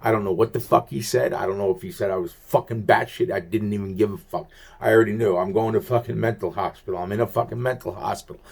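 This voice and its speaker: A man's voice: fairly low pitch, steady tone, quick pace, creaky, breathy edge. A man telling a long personal story in a rambling monologue, full of swearing and restarted sentences. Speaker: vlogger recounting personal events.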